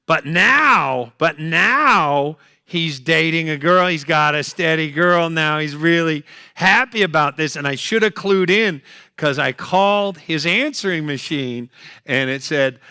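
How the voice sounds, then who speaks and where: A man's voice: fairly high pitch, unhurried, sharp tone, clean tone, no room sound, clean studio sound. An older man doing a stand-up comedy set, punchy, chatty and full of jokes.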